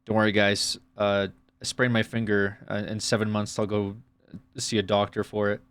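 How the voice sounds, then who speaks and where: A man's voice: lowish voice, completely flat delivery, moderate pace, a bit bright, smooth. A man from the United States, streaming live and reacting to chat with sarcastic, profane, rambling rants.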